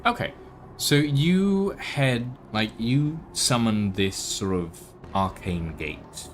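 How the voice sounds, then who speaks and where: A man narrating as game master in a tabletop game, with halting, filler-heavy delivery. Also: mid-range voice, lively intonation, a little hiss or hum.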